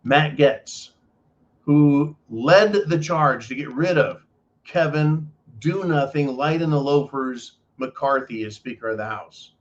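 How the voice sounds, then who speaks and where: A man's voice: a little high, slow. Ranting man on dull lo-fi audio. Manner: emphatic, profane, repetitive. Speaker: political commentary host. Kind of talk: ranting monologue.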